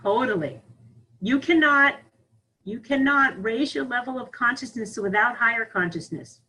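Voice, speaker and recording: Woman, husky voice, spiritual teacher, candid and lively, online group call. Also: a little high, normal speed, low-quality recording. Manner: candid and animated, with frequent laughs. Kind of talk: casual spiritual talk.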